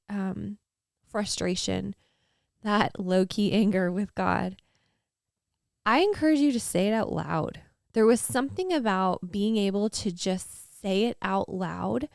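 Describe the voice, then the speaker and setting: A woman in her thirties talks candidly on a faith podcast, earnest and rambling, full of fillers. Her voice has a gravelly, fry-laced texture. The sound is dry and close. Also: mid-range voice, dry recording. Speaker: podcast co-host.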